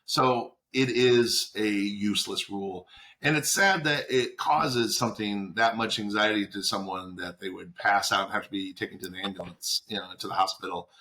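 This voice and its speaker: A man's voice: on the low side, moderate pace, pushed and bright. A man co-hosting a podcast, speaking his opinions plainly in casual chat. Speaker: podcast co-host.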